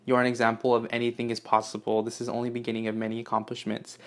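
Young guy unboxing fan gifts, gushy and sweary, gasps and squeals a lot, mid-pitched. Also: completely flat delivery, very fast. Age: young adult. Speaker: YouTuber unboxing fan mail. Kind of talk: excited casual vlog.

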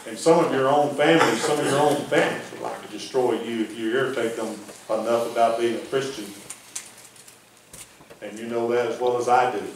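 A man preaching a folksy sermon as pastor, dropping his voice low to press a point. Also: steady tone, brisk. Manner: folksy preaching, drops to near-whisper for emphasis. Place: church hall. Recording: very echoey room from far off, faint noise.

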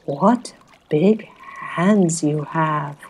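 A woman's voice: low-pitched, very slow, darkish tone, husky, full character voice. A woman voicing an innocent young girl in a bedtime storybook, crying out in a raised voice. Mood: wondering.

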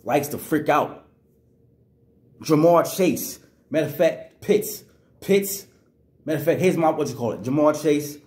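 Man, angry sports rant, raised pitch, roomy echo. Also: a little slow, pauses often, a little mellow. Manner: angry, repetitive, slangy. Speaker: sports vlogger.

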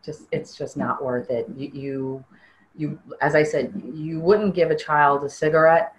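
Earnest woman with a low voice. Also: fairly even intonation, a little hiss or hum, rough recording. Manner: earnest, halting, with frequent restarts. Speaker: interviewee. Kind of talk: personal testimony interview.

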